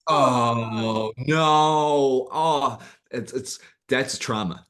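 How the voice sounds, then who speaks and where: A man's voice: medium pitch, very slow, fairly bright tone. A man, a podcast guest, reacting with sympathy and laughter in casual chat.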